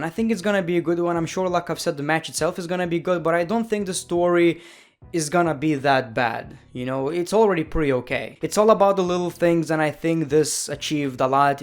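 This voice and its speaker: A man giving a casual, opinionated review of a wrestling show, chatty, with lots of fillers and self-corrections. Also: fairly high pitch.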